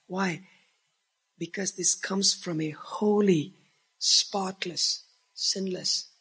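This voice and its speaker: A man preaching a sermon as pastor, earnest, swelling to emphatic peaks and dropping to hushed tones. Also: high-pitched, slightly rough.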